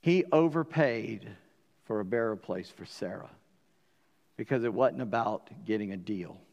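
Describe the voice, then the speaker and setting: A man with a Southern US accent preaching a sermon, animated and acting out the dialogue in voices. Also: on the low side, unhurried, vocal fry, in a large hall, dull audio. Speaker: pastor.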